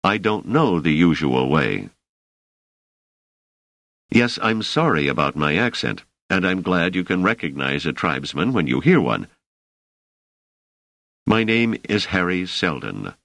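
Brief: man voicing a deep-voiced, dryly exasperated scholar for an audiobook, close and dry. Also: sing-song, measured pace, vocal fry, long pauses, fairly bright tone, no room sound, heavily acted. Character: wary male scholar, a guest in a strange place.

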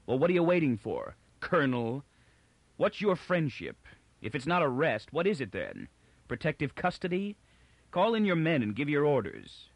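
Male reader as an impatient young husband, harsh, sharp questions, lively pitch. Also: a little fast, no echo. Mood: angry.

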